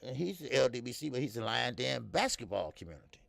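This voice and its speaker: Gravelly, lively-pitched man hosting boxing talk. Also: fast talker, no echo. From American Midwest. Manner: loose, profane, laughing, talks straight to viewers. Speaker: boxing talk show host. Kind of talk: casual live-stream chat reading comments.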